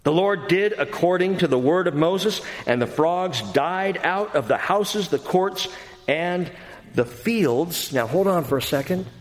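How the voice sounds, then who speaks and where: A pastor preaching an expository sermon, earnest and emphatic, going from quiet passages to loud ones. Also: male voice, high voice, lively intonation, measured pace. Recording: long hall reverb.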